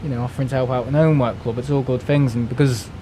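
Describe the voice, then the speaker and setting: A man's voice: mid-range voice, steady tone, quick pace, warm tone. Guy ranting on his stream, keeps restarting words, swears a lot, bit of hum in the background. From United Kingdom. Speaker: live streamer. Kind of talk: casual ranting chat.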